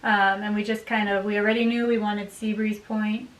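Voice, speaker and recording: An upbeat woman vlogger chats casually at home and laughs easily. Her voice sits at an ordinary pitch and comes from a little way off the mic. The room sounds echoey, with a faint hiss underneath. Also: little pitch movement, normal speed, far from the mic. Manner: chatty and upbeat, laughs often. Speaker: vlogger, bride. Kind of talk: casual chat to camera.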